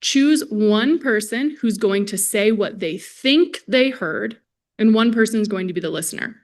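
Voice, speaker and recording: A woman's voice: medium pitch, lively intonation, measured pace. Woman, speech therapist, conference talk, friendly and conversational, speaking to a live audience through a presenter mic. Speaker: speech-language pathologist lecturing. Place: lecture hall at a symposium.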